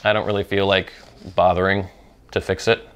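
A man's voice: low-pitched, little pitch movement, normal speed, clear, resonant tone. A man hosting a pipe-smoking talk show, rambling through viewer questions in casual chat, with frequent ums and restarts.

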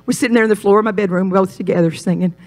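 A woman's voice: steady tone, rapid-fire. A woman giving a personal testimony sermon, telling stories and building to emphatic, rising points. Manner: emphatic, storytelling, swells louder and higher on key points. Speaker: speaker at a Christian ministry.

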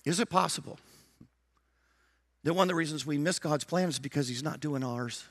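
A man's voice: on the high side, moderate pace, dry recording. A middle-aged man preaching a sermon as pastor, emphatic, repeating his phrases and acting out prayers and dialogue.

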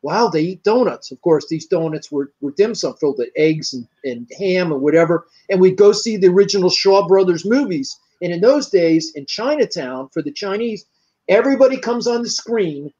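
An older man from the United States spins long, rambling anecdotes as an interview guest, slipping into the voices of the people he quotes. His voice sits high for a man, and the recording is muffled and lo-fi. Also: moderate pace, darkish tone. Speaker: martial arts grandmaster, interview guest. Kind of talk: storytelling in an interview.

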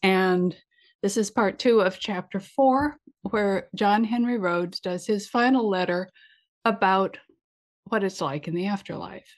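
A woman's voice: mid-range voice, a little slow. Matter-of-fact woman reading aloud. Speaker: reader.

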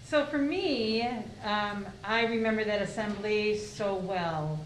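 A woman in her sixties telling a lively story on a panel, acting out what people said. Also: medium pitch, slow. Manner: animated, acting out quoted dialogue. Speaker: former liaison team member. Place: museum event hall. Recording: echoey room, faint noise.

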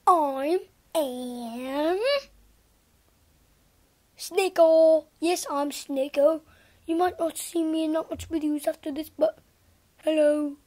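A woman's voice: sits high, steady tone, takes it slowly, pauses often, dark tone. A young girl voicing a cheeky toy creature in a playful home skit. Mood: chirpy. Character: silly toy creature named Snicko, cheeky.

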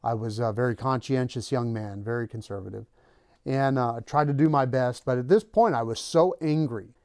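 A man's voice: medium pitch, moderate pace, darkish tone, dry recording, clean studio sound. A man hosting his own channel, casually telling a personal story and acting out the lines of the people in it. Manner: conversational, acts out quoted lines. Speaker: channel host.

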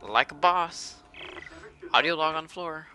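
A man commentating a horror game as he plays it, profane and excitable, often shouting at enemies. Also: a little high, a little slow, crowd noise. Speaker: gamer playing a horror game. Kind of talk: let's play commentary. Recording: game sound and noise behind.

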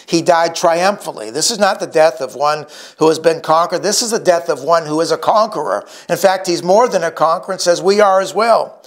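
A middle-aged male pastor with a voice on the high side preaches a sermon emphatically, slowing down to stress key words.

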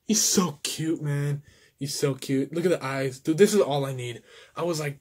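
A man's voice: on the high side, normal speed, a little mellow, husky. A young man in a casual toy-collection vlog, laid-back and fond of calling everyone dude, tired and out of breath.

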